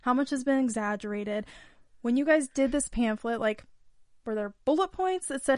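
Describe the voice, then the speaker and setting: A woman's voice: fairly high pitch, moderate pace, no room sound, studio quality. A woman co-hosting a podcast in casual chat, swearing freely and acting out little voices as she tells the story. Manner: profane, animated, acts out voices. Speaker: podcast co-host.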